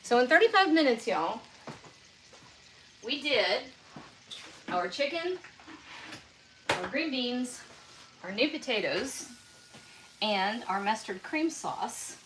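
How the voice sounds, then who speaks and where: A woman's voice: a little high, big pitch swings, slow, pauses often, background noise. Chatty woman cooking at home. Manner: chatty, folksy, talks while tasting food. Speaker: home cook hosting a live cooking stream. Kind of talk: casual cook-along live stream. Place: home kitchen.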